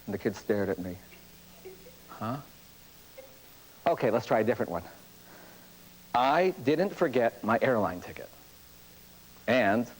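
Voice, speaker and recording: A man's voice: medium pitch, animated, measured pace, pauses often, husky, low-quality recording. A priest giving a storytelling lecture on communication, acting out the people in his anecdotes. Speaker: priest and speaker on cross-cultural communication.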